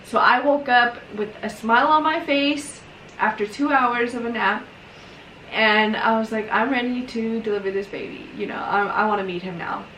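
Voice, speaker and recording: A young woman vlogger chats while doing her makeup, telling a personal story in an emotional way full of fillers. Her voice is a little high and a bit bright at normal speed, with slight background noise, roomy echo and a distant mic.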